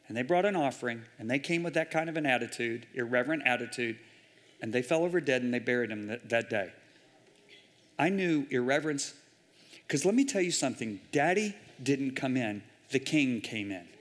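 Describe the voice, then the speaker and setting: A man preaching a sermon, telling a story with intense drama and sudden loud bursts. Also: mid-range voice, expressive, brisk. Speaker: guest preacher. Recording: hall reverb in a large church.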